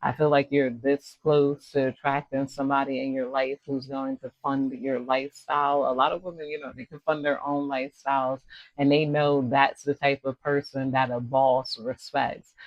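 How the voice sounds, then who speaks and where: A man's voice: mid-range voice, level tone, normal speed, no room sound, highs cut off. A man with an American accent giving a casual, rambling tarot reading, full of slang and asides. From United States. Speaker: tarot reader.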